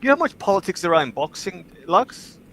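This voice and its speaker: A man with a slightly high voice hosts a livestream in casual chat. He tells stories bluntly and swears freely, and his talk rises into animated bursts. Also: fast talker, a little hiss or hum, rough recording. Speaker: livestream host.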